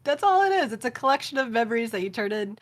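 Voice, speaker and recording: High-voiced woman telling a wild story. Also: quick pace. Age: 30s. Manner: animated, swearing storyteller who laughs often. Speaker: guest. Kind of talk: casual podcast chat.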